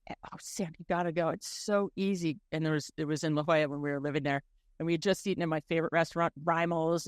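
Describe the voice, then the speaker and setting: A woman, co-hosting a casual podcast and telling anecdotes quickly and with laughter. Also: sits low, dry recording, clean studio sound. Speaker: podcast co-host. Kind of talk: casual chat.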